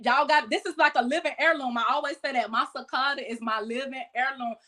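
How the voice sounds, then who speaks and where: A woman, a podcast guest casually telling animated stories about keeping exotic pets and acting out quoted voices. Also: sits high, fast. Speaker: guest, exotic pet keeper. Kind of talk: casual storytelling chat.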